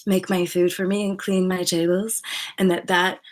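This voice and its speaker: A woman's voice: fairly low pitch, flat delivery, normal speed. A woman hosting her own channel, talking in a rambling, casual spiritual monologue full of fillers, restarts and swearing. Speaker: channel host.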